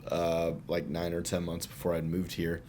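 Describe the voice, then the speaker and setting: Laid-back deep-voiced man in his thirties. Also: monotone, normal speed, mellow, slight background noise. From Utah. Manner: laid-back, rambling, swears casually. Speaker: podcast co-host. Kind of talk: casual chat.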